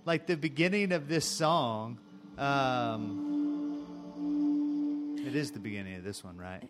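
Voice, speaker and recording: A man's voice: medium pitch, measured pace. A man co-hosting a podcast, chatting casually about albums in a joking, rambling way that trails off mid-thought. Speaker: podcast co-host. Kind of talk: casual chat reviewing albums. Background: faint music playing.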